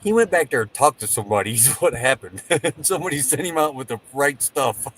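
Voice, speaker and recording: Casting note: everyday male voice, mid pitch, folksy storyteller in casual chat. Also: lively intonation, moderate pace, fairly bright tone, a little hiss or hum. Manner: folksy storyteller, acts out dialogue.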